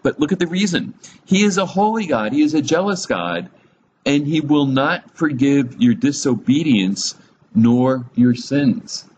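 A man's voice: medium pitch, expressive, unhurried, darkish tone, muffled recording, a little hiss or hum. Chuckling man teaching the Bible. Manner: chuckles often, humorous asides; asks listeners direct questions.

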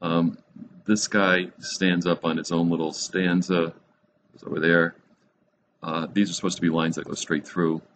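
A man teaching a Bible study class in a classroom, relaxed and rambling, with many fillers and restarts. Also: low voice, normal speed. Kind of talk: classroom lecture. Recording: dull lo-fi recording with faint noise.

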